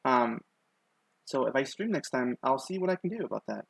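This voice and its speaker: A man's voice: medium pitch, animated, brisk, creaky, slightly rough, no room sound, poor audio. A young man with a lisp, chatting casually and rambling self-consciously on a live stream, with many ums and likes. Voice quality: lisp on his S sounds.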